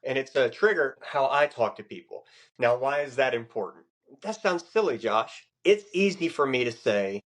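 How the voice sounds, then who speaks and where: A middle-aged man, a Navy chief, speaking as a guest in a casual podcast interview, explaining ideas in an earnest, expressive way. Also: mid-range voice, normal speed.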